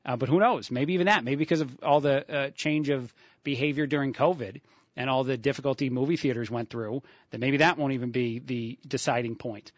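A man's voice: medium pitch, brisk, no echo, highs cut off. A man from the East Coast hosting a radio talk show, chatting casually and rambling with many fillers.

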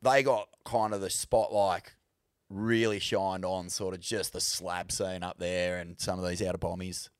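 A man's voice: sits low, little pitch movement, a little slow, clean tone, no room sound, studio quality. A young Australian man co-hosting a podcast in casual, sweary, laid-back chat. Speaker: podcast co-host.

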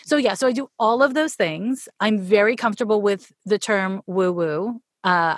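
A woman's voice: mid-range voice, no room sound, clean studio sound. A woman from Canada with a Canadian accent, chatting casually as an interview guest and laughing often. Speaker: podcast guest, astrologer.

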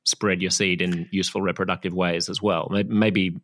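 A man's voice: deep voice, little pitch movement, moderate pace, a bit bright. A man hosting an interview, asking curious questions and speculating aloud in a casual, joking way. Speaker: podcast host.

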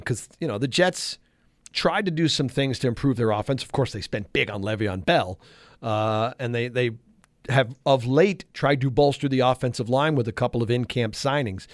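A man hosting a sports radio show, chatting casually with animated, exasperated asides in a radio studio. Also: mid-range voice, no room sound.

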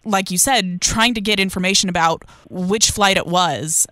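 A woman interviewer asking gentle, sympathetic questions. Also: mid-range voice, normal speed, no echo.

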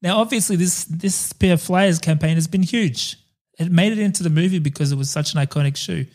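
A man's voice: fairly high pitch, a little fast, a little mellow. A man co-hosting a podcast, chatty and jokey, swearing and laughing often. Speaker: podcast co-host. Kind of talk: casual chat.

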